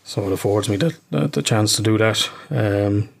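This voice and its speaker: A man's voice: fairly low pitch, moderate pace, creaky. A middle-aged Irish man co-hosting a casual podcast, talking over a remote call, rambling, swearing often and laughing a lot. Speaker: podcast co-host.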